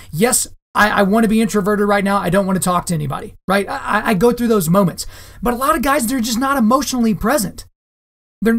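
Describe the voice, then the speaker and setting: A man hosting a solo podcast monologue, talking to his listeners in an emphatic way and repeating phrases for stress. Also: high-pitched. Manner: direct, addresses listeners as guys. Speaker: podcast host.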